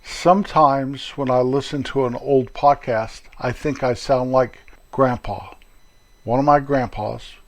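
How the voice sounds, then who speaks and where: Older grandfatherly man, mid-pitched, folksy and rambling; solo podcast host. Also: steady tone, unhurried. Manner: folksy and rambling, chatty asides. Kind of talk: casual solo podcast monologue.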